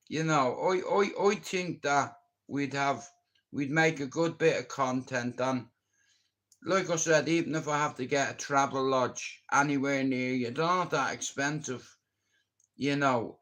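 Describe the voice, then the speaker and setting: A man's voice: medium pitch, fairly bright tone. A middle-aged Irish man rambling bluntly in a casual live-stream chat, swearing freely and speaking openly about his feelings. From Ireland. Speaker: livestreamer.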